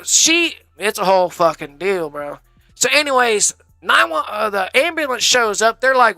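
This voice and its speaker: Man, live streamer, rambling and profane, bright edgy tone, dry close sound, faint music behind. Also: high voice, animated, moderate pace, vocal fry, no echo. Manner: rambling, profane, says "bro" constantly. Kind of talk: casual storytelling on a live stream.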